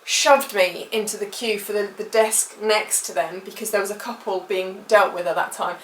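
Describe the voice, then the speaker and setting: A woman's voice: mid-range voice, steady tone, moderate pace, fairly bright tone, a little hiss or hum. A British woman telling a personal travel story for her vlog, emotional and rambling with many fillers. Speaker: vlogger. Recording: echoey room, mic at a distance.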